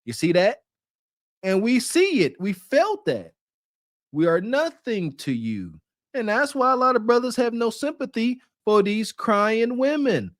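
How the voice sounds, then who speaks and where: A man hosting a podcast, reacting to clips with mocking, animated commentary. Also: very high voice, unhurried, dry recording, clean studio sound. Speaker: podcast host.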